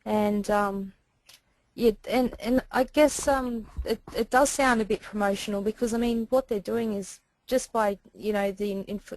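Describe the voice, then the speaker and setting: A woman's voice: medium pitch, steady tone, a little slow, a little mellow, no room sound, rough recording. A woman taking part in a webinar discussion, talking in a rambling way with many restarts. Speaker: webinar participant.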